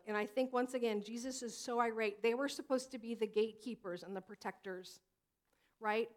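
A woman in her thirties preaching a sermon as pastor, in a conversational, animated way that slips into acted quotes. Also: on the high side, brisk.

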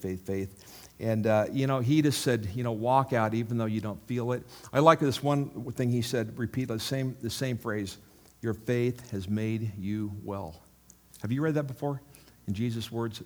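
A male pastor preaching in a loose, conversational storytelling style, rambling through anecdotes and checking in with his listeners. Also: normal speed. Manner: bursts louder on punchlines, drops low on asides.

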